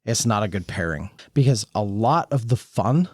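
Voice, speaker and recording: A man's voice: fairly low pitch, expressive, moderate pace, darkish tone, no echo, clean studio sound. A man hosting a casual board game podcast, chatty and steering the talk. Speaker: podcast host. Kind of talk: casual chat.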